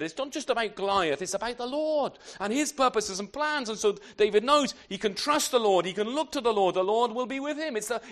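Preaching an expository sermon in a conversational style, this man has a voice that sits high. He frequently phrases points as tag questions and adds self-deprecating remarks.

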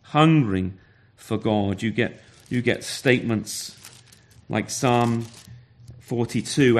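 A man's voice: mid-range voice, sing-song, slow, pauses often. A man preaching a sermon, earnest, often repeating words and asking rhetorical questions.

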